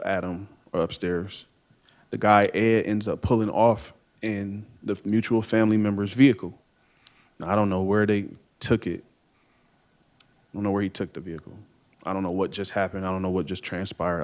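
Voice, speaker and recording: A man's voice: fairly low pitch, flat delivery, moderate pace, a little mellow. A man from Ohio testifying in his own defense at a courtroom witness stand, speaking hesitantly and rambling with many fillers. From Ohio, USA.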